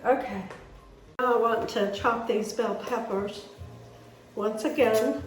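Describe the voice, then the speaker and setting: Slow and fairly high-pitched, with fairly even intonation and frequent pauses, a woman chats to viewers during a casual cooking demo at home. She keeps up folksy talk while chopping, and the distant mic picks up the roomy kitchen and faint noise.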